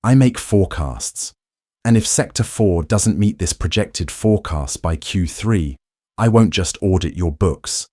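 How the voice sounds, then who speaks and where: Ice-cold woman executive, read by a man, deep and dry, calm and clipped. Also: measured pace, dry recording. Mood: coldly calm. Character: poised confident woman finance chief, icy.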